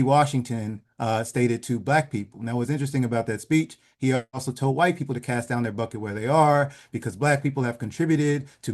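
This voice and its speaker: A man giving a measured lecture over slides in an online session, trailing off softly at the ends of phrases. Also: mid-range voice. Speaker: presenter leading an online session. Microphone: video call.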